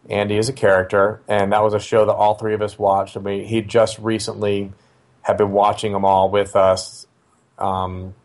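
A middle-aged father with a fairly low voice shares a personal family story. He talks casually, like in conversation, often pausing with fillers and starting his sentences over.

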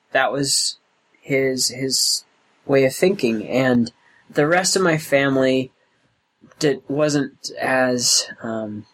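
Slow, halting young man recounting. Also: mid-range voice, fairly bright tone, low-quality recording. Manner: slow, halting, thoughtful, with restarts. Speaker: interviewee. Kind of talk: oral history interview.

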